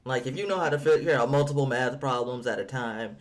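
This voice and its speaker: A man's voice: medium pitch, brisk. A man co-hosting a casual movie review chat, blunt and opinionated, stumbling over restarts.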